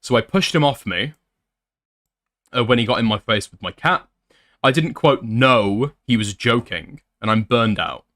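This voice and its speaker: A man's voice: medium pitch, animated, measured pace, a bit bright. A man doing commentary as a YouTuber, reading screenshots aloud with blunt, sarcastic asides.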